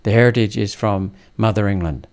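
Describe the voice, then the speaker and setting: A man's voice: on the low side, a little fast, darkish tone. A man born in India, a senator speaking as a podcast guest, blunt and emphatic in casual interview talk.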